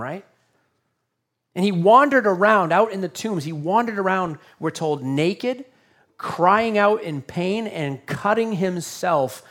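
A man preaching a sermon, swinging from loud emphasis to hushed lines and acting out the voices of the people in the story. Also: a little high. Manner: dynamic, swings from loud emphasis to near-whisper; acts out quoted voices. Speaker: pastor.

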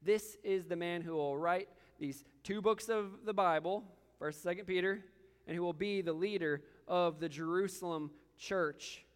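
High-voiced man preaching in a reverberant hall. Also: moderate pace, clear, resonant tone. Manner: earnest, repeats words when stressing a point. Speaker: pastor. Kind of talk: sermon.

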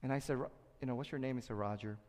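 Animated pastor preaching in a reverberant hall. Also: male voice, medium pitch, very fast. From Korea. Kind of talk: sermon. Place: church sanctuary.

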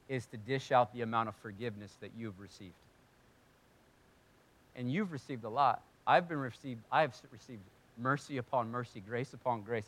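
Animated male pastor preaching a sermon. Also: medium pitch. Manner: animated, acts out voices of Bible figures, drops to soft intensity. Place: church sanctuary.

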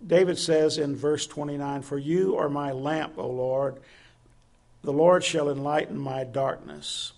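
Male preacher, gravelly and slightly high-pitched, earnest sermon delivery with questions to the congregation. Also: steady tone, a little slow, a little mellow. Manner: earnest, asks the listeners direct questions.

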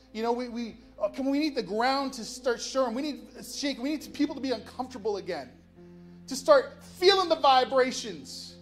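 A man preaching as a pastor, emphatic, with repeated phrases and restarts. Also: high voice. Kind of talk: sermon. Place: church sanctuary.

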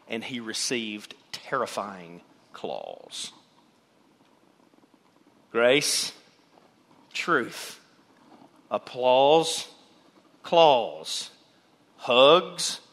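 A man preaching a sermon to his church as pastor, animated, and he acts out the voices of the people in the pews. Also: medium pitch. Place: church sanctuary.

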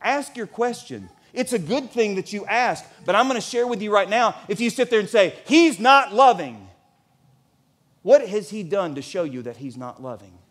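A pastor in his forties preaching a sermon in a church, animated and at times nearly shouting. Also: high-pitched.

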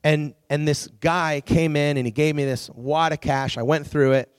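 A youth pastor whose voice is on the high side, clear and resonant, speaks at normal speed while animatedly telling stories to a youth group and acting out quotes. The audio is studio quality with no echo.

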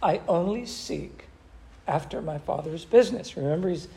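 A man's voice: a little high, expressive, moderate pace, creaky, dark tone, breathy edge. A man teaching an interactive Bible study who asks his class questions and quotes scripture expressively.

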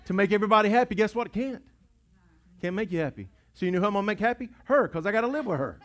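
Man, pastor, high voice, sermon in a church, hushed to shouting, repeats phrases. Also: animated, very fast. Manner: preaching in swells from hushed to shouting, repeats words. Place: church sanctuary. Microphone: pulpit mic.

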